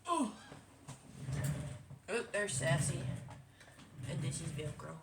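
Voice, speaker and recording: A woman's voice: on the low side, lively intonation, takes it slowly, creaky, background noise. A woman, a quilting vlogger chatting casually at home, rambling with many fillers and restarts. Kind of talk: casual chat. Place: home with cats.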